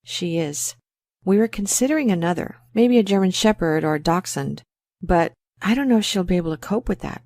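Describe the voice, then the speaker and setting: A fretful dog owner. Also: female voice, on the low side, animated, brisk, darkish tone, no echo, studio quality. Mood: talkative worried. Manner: chatty, fretful, a little embarrassed. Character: worried woman dog owner. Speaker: pet owner in a scripted exam dialogue. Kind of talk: scripted exam role-play.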